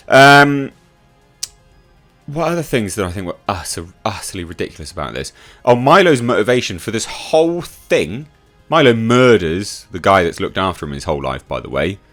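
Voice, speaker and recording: A young man reviews a film in a sarcastic, exasperated rant. His voice sits low but leaps around animatedly, and he swears without hesitation. Faint music plays underneath. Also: fairly bright tone. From England. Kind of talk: ranting movie review.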